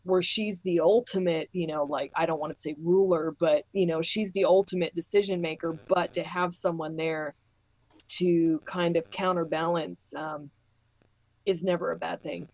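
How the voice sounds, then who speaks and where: A woman's voice: on the low side, fairly even intonation, moderate pace, darkish tone, no echo, rough recording. A woman co-hosting a casual podcast chat, thoughtful and opinionated. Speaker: podcast co-host.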